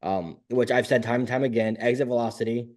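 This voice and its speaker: A man co-hosting a casual sports podcast, talking in quick, opinionated bursts and jumping into high mocking voices now and then. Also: fairly even intonation, a little mellow. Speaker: podcast co-host.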